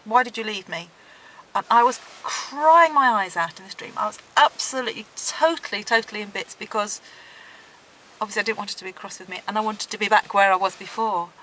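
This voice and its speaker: A middle-aged woman, interviewed, recounting her dreams in a gentle, earnest way. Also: medium pitch, fairly quick, slight background noise, poor audio. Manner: gentle, earnest storytelling with soft laughs.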